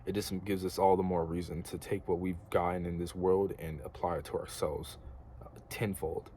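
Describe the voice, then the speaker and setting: Low-pitched and warm, this young man from the United States speaks at a normal speed in a level tone, with slight background noise. He's a vlogger rambling earnestly to camera about spiritual matters, slangy and loaded with filler.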